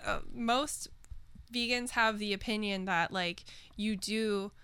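Smooth-voiced woman, thoughtful and hesitant. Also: medium pitch, fairly even intonation, slow, pushed and bright, dry recording. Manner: thoughtful, hesitant with many fillers. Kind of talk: casual chat.

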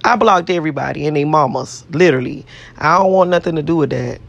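A woman's voice: low voice, quick pace, gravelly, muffled recording. Brash, profane woman rambling to camera. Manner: boastful, self-adoring. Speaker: vlogger. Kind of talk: casual self-talk to camera.

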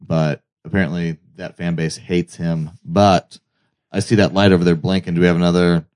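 Male co-host, low voice, rambling swearing storyteller, loose casual chat. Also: flat delivery, normal speed, a little mellow, clear, resonant tone. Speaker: podcast co-host.

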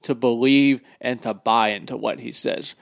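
A man's voice: medium pitch, fairly even intonation, moderate pace, creaky, a little hiss or hum. A man co-hosting a casual podcast chat, breaking things down in earnest commentary. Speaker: podcast co-host.

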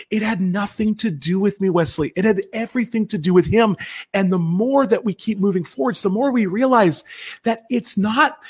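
On a Christian broadcast, a guest speaker with a high-pitched, slightly rough voice delivers an earnest personal testimony. His preaching tone is emphatic, full of restarted sentences and rapid self-corrections.

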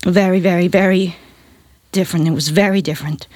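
An actress reading a woman witness's court testimony in a reenactment, recalling events in an earnest, halting way. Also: on the low side, steady tone, darkish tone, no room sound, clean studio sound, close to an everyday voice.

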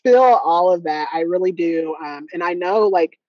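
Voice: medium pitch, normal speed, dry recording, dull audio. A podcast host chatting casually, agreeing readily and joking about their own stubbornness. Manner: agreeable, frank, self-mocking with laughs.

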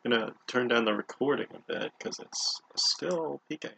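A young man co-hosts a loose, comedic podcast, with a gravelly, fry-heavy voice at an ordinary pitch. He rambles and cracks self-deprecating jokes, and a faint hiss sits under his voice. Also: moderate pace, bright, forceful tone. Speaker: podcast co-host. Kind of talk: casual comedic podcast chat.

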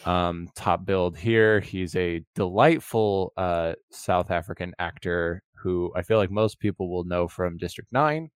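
A man's voice: deep voice, measured pace, few pauses, clear, resonant tone, dry recording, clean studio sound. A man in his thirties co-hosting a movie podcast, chatting casually and animatedly. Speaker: podcast co-host. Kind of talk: casual chat.

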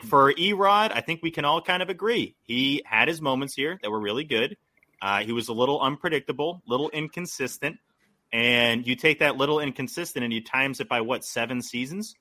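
A man's voice: medium pitch, pushed and bright. A man talking casually as a podcast guest, rambling with many likes and restarts.

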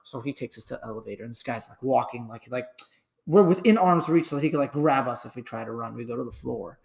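A young man tells a story in a loose, rambling way, tripping over restarts. His voice has a gravelly edge and sits in a middle pitch. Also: fast, darkish tone. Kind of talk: casual storytelling chat.

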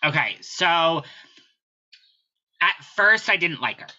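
Very bright-voiced blunt man. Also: a little high, animated, muffled recording. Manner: blunt, swears freely, quick asides. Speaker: podcast guest. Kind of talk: casual podcast chat.

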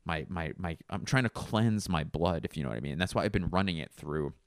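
Deep-voiced guy rambling through a story on his podcast, swears a lot, smooth dry sound. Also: brisk, dry recording. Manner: profane, rambling, mimics people in stories. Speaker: podcast host. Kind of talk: casual storytelling monologue.

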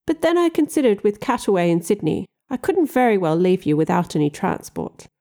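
A woman reading an audiobook, voicing a polished and polite man who speaks in a measured, courteous way. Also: medium pitch, big pitch swings, warm tone.

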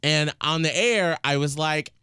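Lively man from Atlanta, slightly high. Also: measured pace, clear, resonant tone, no echo, clean studio sound. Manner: lively, jokey, emphatic. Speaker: podcast co-host. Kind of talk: casual chat.

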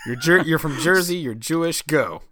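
A man's voice: on the high side, lively intonation, normal speed, bright, forceful tone, no echo. Teasing young male podcast co-host. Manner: teasing, laughs often. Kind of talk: casual chat.

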